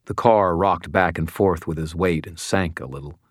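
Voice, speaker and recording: A man narrating a first-person fantasy audiobook in a steady, wry storytelling manner. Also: low-pitched, moderate pace, no room sound, clean studio sound.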